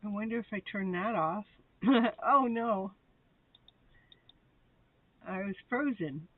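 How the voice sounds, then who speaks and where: A woman's voice: mid-range voice, expressive, slow pace, no echo. A woman hosting a live tarot show, chatting casually with viewers and laughing often as she rambles. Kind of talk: casual live-stream chat. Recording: tinny phone-like sound.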